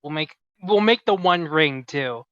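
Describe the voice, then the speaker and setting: Young male co-host with a sharp, bright voice, deadpan quips, recorded dry on a dull lo-fi mic. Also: fairly high pitch, a little slow, dry recording. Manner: dry, offhand jokes and quiet "mm-hmm" agreement. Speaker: podcast co-host. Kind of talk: casual chat.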